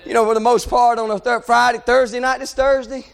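A man preaching a fiery revival sermon, shouting and chanting in a drawn-out preacher cadence. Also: very high-pitched, little pitch movement, gravelly.

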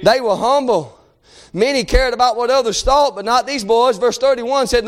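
A man preaching a sermon, impassioned, often shouting and crying out between conversational asides. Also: very high voice, moderate pace.

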